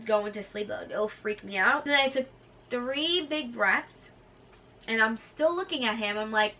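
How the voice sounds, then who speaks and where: A young woman telling a personal story to her vlog audience in casual chat, acting out what others said to her. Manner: animated, acts out nurses' lines in a higher voice. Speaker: vlogger. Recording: slightly distant mic with faint room noise.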